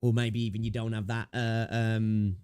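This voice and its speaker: A man's voice: on the low side, level tone, moderate pace, a little mellow, smooth, no echo, clean studio sound. A young British man hosting a gaming livestream, rambling and chatting with viewers, swearing freely. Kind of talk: casual livestream chat.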